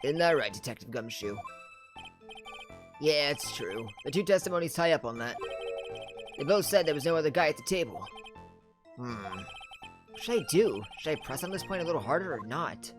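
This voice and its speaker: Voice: mid-range voice, lively intonation, brisk, over music. Chatty game player reading and commenting. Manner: self-deprecating, chatty. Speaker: game streamer. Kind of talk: casual playthrough commentary and reading.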